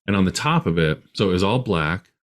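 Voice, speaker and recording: A man's voice: low-pitched, expressive, fairly quick. A man from Utah, a podcast guest, telling a long story in a rambling way with many restarts.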